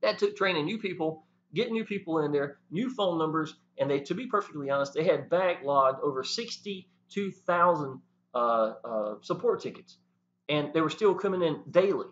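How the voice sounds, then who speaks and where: A man talking to the camera, animated and preachy, often saying "y'all". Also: a little high, moderate pace, a little hiss or hum. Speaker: network marketing promoter. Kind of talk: casual talk to camera. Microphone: camera mic. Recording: dull lo-fi sound.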